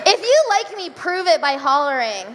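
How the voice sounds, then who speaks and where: A young woman performing a stand-up comedy set, giggly and self-deprecating, with drawn-out deadpan asides. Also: very high-pitched. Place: comedy club stage before a live audience. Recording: live club recording with reverb, faint room noise.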